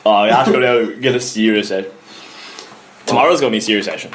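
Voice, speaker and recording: A man's voice: on the low side, fast talker, a little hiss or hum. Young Irish man telling stories with laughs. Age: young adult. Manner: animated, laughs through his stories. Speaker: podcast co-host. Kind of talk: casual storytelling chat.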